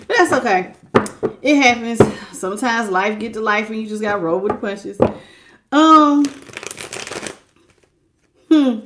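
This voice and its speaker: A tarot reader with a high, bright voice hosts a live-stream reading, chatting in a casual, folksy way. She greets viewers one by one by name and laughs often between card pulls, sounding animated but a little slow, with frequent pauses and a noisy background.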